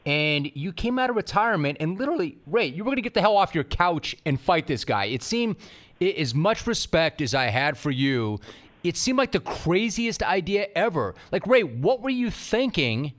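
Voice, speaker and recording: A man hosting a sports interview, asking questions in emphatic, animated bursts. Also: sits high, moderate pace. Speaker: sports talk host.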